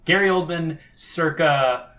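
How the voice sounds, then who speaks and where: A man co-hosting a casual podcast, trading dry, quick quips. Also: on the high side, a bit bright, muffled recording. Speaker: podcast co-host.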